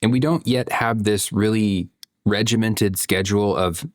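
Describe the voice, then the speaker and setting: Low-voiced man musing to camera. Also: steady tone, a little slow, dry recording, clean studio sound. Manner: conversational, peppers talk with "you know" and "right?". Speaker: parent vlogger. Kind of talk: reflective vlog monologue.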